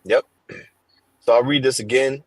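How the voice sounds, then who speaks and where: A man's voice: medium pitch, steady tone, a little mellow, no echo, low-quality recording. A man reading Bible verses aloud in a casual class, stopping and restarting with fillers. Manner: halting, reads slowly with fillers. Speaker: scripture reader in a Bible class. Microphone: headphones on a stream.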